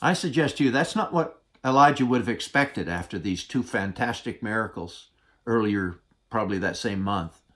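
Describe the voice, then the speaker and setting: A man preaching a sermon as pastor, speaking deliberately with dramatic pauses and often dropping to a soft, hushed voice for tender points. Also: fairly low pitch, expressive.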